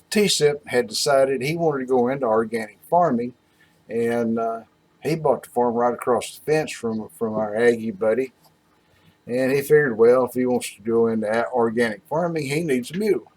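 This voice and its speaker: A man's voice: medium pitch, moderate pace, darkish tone. Folksy man telling a joke. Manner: drawling, rambling storyteller.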